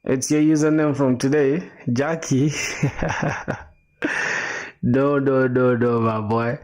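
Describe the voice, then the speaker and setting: A man's voice: mid-range voice, fairly even intonation, slow, darkish tone. A young man casually chatting with viewers on a coding livestream, laid-back and slangy, explaining as he thinks aloud. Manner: answers chat while thinking aloud, with fillers and restarts. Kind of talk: casual live-stream chat.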